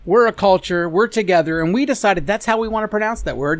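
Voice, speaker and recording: A man's voice: high voice, fast, few pauses, dry recording. A man co-hosting a podcast, bantering crudely with mock-indignant, profane rants. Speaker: podcast co-host.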